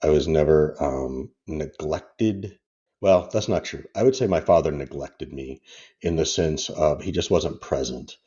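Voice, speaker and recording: A man's voice: extremely low pitch, measured pace, dark tone, dull audio. A man in his fifties, a podcast guest, telling personal stories in a rambling, candid way and laughing through them. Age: 50s. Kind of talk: casual interview storytelling.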